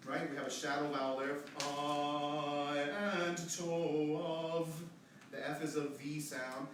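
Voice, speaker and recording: A man directing a choir rehearsal, coaching the singers briskly and demonstrating phrases with his voice. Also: a little high, fairly even intonation, slight background noise. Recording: echoey room, distant mic, choir and piano.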